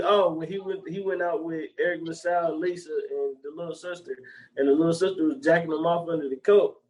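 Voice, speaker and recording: An animated young man, recounting favorite comedy scenes in casual, profane chat. His voice sits a bit high for a man, and he keeps jumping into loud, squeaky impressions of the characters. He sounds like a podcast co-host riffing with a friend. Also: rough recording.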